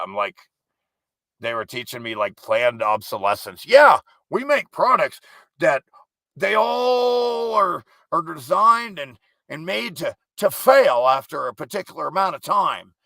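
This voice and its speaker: A gravelly, hard-edged male voice, recorded dry and close with no room sound. He hosts a live stream and rants profanely and with contempt, leaning hard into every jab. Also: mid-range voice, pushed and bright, no room sound. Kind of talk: ranting live stream monologue.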